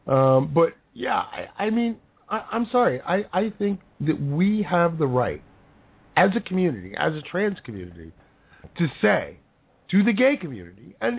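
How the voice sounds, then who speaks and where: A hoarse male show host delivering an angry, sarcastic talk-show rant as his voice gives out. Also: high voice. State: hoarse, voice giving out. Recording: tinny phone-like sound.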